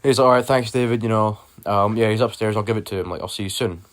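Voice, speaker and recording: A young man from Britain tells a personal story straight to camera in a loose, rambling way. He peppers his talk with fillers and swearing. His voice sits on the low side. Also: fast, a little hiss or hum. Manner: rambling, heavy swearing, lots of "like". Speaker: vlogger. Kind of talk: casual storytelling.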